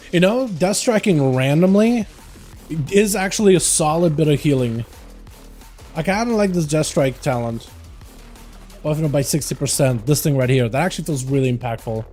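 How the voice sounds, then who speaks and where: A young man streams a game and talks through it in a relaxed, friendly way, often speaking straight to his teammates. His voice sits a little high but has a mellow, warm tone. Game music runs faintly behind him. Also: moderate pace, long pauses. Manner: laid-back, chatty, talks to teammates. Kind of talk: casual live gameplay commentary.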